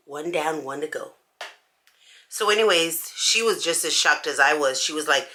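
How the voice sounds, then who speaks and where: A woman chats through a story while she puts on her makeup, and her pitch jumps up and down as she acts out every line people said. Her voice is bright and sharp, and her talk is casual and full of slang. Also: sing-song, moderate pace. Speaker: beauty vlogger.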